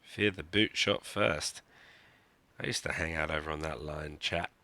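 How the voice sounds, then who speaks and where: Deep gravelly man streaming a game. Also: measured pace, sharp tone, dry recording. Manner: wry, joking, self-mocking. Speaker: gaming streamer. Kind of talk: live gameplay commentary.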